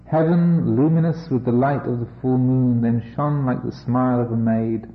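A man's voice: mid-range voice, steady tone, normal speed. Guy reading an old buddhist tale aloud, cracking jokes in between, kinda muffled echoey sound. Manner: wry and amused, breaking off for jokes. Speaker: Buddhist teacher. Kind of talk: reading a scripture story aloud with asides. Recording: echoey, slightly dull room recording.

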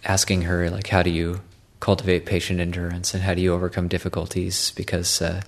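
Low, flat-voiced male monk. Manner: halting, repeats words, many fillers. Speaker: Buddhist monk. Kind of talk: Dharma talk.

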